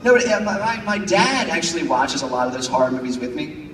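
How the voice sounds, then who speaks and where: A young man performing a stand-up comedy set before a big crowd, animated and bursting into shrill shouted voices for his bits. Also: brisk, slight background noise. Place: large campus auditorium before a crowd. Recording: echoey hall recorded from far off. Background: audience laughter.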